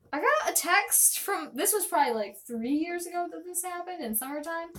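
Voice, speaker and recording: A woman's voice: sits high, a bit bright. A young woman chatting casually on a live stream, rambling and self-deprecating.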